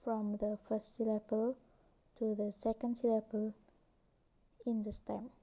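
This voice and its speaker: A young woman student slowly reading a class presentation with careful, deliberate delivery. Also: medium pitch, level tone, warm tone, highs cut off. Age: young adult.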